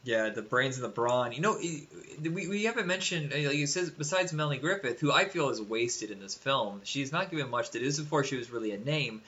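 A man chats about movies in an easy, talkative way, with a few fillers along the way. His voice is mid-pitched and bright, with a forceful edge. The sound is dull and lo-fi. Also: lively intonation, a little fast, hardly any pauses. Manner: chatty, laughs easily, some fillers. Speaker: podcast co-host discussing films. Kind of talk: casual chat.

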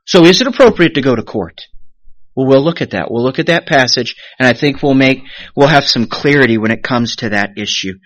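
A man preaching a sermon as pastor, animated, rising sharply then dropping to a hush, and briefly acting out the voices of the people he quotes. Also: mid-range voice, fairly quick, no echo. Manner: animated preaching with sudden rises and hushed drops; acts out quoted voices of the congregation.

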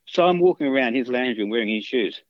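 A man's voice: medium pitch, expressive, fast, no echo, highs cut off. A man, a guitarist, telling long casual anecdotes in an interview, full of restarts and fillers. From Australia. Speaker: guitarist guest.

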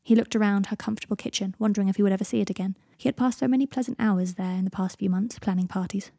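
A woman reading a fan-written story aloud in calm, even audiobook narration. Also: medium pitch, racing, vocal fry, no echo, clean studio sound. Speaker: fan fiction reader.

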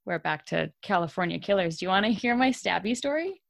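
A young Canadian woman co-hosting a podcast, telling a story in a casual, animated way and laughing often. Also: medium pitch, quick pace, creaky, dry recording, studio quality. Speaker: podcast co-host.

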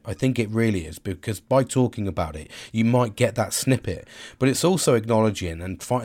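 A man's voice: mid-range voice, a little mellow. A man, talking openly and casually to camera, rambling with many restarts and frequent swearing. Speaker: vlogger. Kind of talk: casual personal monologue.

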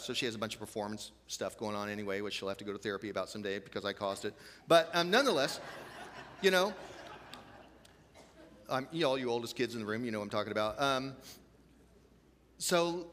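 A man's voice: medium pitch, lively intonation, a little fast, fairly bright tone, big-room sound. A man preaching a conversational sermon as a pastor, chatty and self-deprecating, with many "you know" asides.

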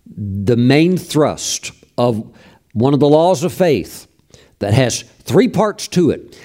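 A man preaching a sermon as pastor, emphatic and repetitive, often acting out other people's voices in a high plea. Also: dark tone. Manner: repeats phrases, frequent restarts.

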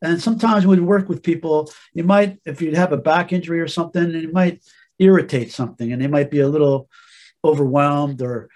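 A man's voice: on the high side, brisk, a little mellow. A man as a podcast guest, telling a personal story in an earnest, rambling way with restarts.

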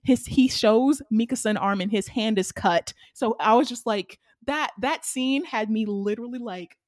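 A woman, co-hosting a casual anime recap chat and retelling scenes with excited, animated energy. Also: fairly high pitch, moderate pace, no room sound, clean studio sound. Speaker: podcast co-host.

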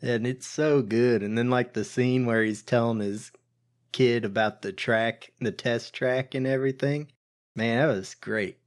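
A man's voice: mid-range voice, fairly even intonation, measured pace. A man co-hosting a podcast, chatting easily about a movie and laughing often. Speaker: podcast co-host. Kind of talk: casual movie review chat.

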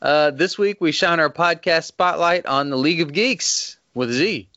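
A man's voice: on the high side, normal speed, sharp tone, no echo, soft background music. Laughing Texas man hosting a podcast. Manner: laughs often, swears casually. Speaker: podcast host. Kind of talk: casual podcast chat. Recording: dull lo-fi sound.

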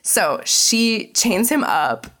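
A woman's voice: a little high, very animated, drawn-out words, fairly bright tone, slight background noise. Chatty, profane young woman recapping. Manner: chatty, profane, lots of fillers. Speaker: podcast co-host. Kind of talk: casual episode recap.

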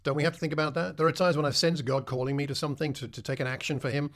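A man's voice: on the high side, little pitch movement, very fast, fairly bright tone. A man preaching a sermon in a conversational way, putting questions to his listeners.

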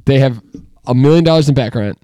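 A man's voice: mid-range voice, quick pace, dark tone, no room sound. A man co-hosting a casual podcast chat, telling stories in an emphatic, rambling way. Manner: chatty, storytelling, emphatic. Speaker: podcast co-host.

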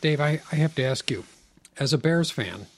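A man's voice: fairly high pitch, animated, normal speed. A man co-hosting a podcast in casual banter, teasing his partner and joking around. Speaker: podcast co-host.

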